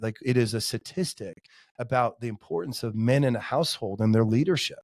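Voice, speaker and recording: A man's voice: mid-range voice, brisk, a little mellow, no echo, clean studio sound. A man in his forties, a podcast guest, talking in an earnest, heartfelt way with lots of casual fillers. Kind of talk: casual interview chat.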